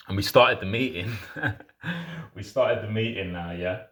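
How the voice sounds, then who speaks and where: Deep-voiced man telling a story. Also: a little slow, bright, forceful tone. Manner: slangy, frank, rambling with restarts. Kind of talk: casual personal storytelling.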